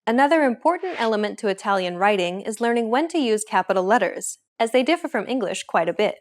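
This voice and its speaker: A woman's voice: mid-range voice, fast. Woman hosting a scripted language lesson. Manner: clear, even, instructive delivery.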